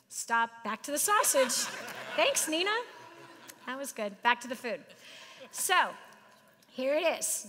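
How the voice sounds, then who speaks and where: Bright, high-voiced woman speaking in a hall. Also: a little slow, long pauses, slight background noise. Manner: animated, joking, addresses audience directly. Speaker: business speaker. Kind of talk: live seminar talk. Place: large hall with audience.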